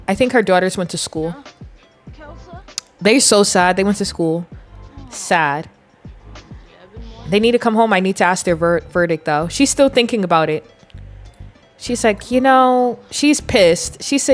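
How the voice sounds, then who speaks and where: A woman's voice: medium pitch, a little slow, long pauses, soft background music. A woman in her twenties giving chatty, giggly live commentary as she plays a game and talks to her viewers. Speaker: game streamer. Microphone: desk mic.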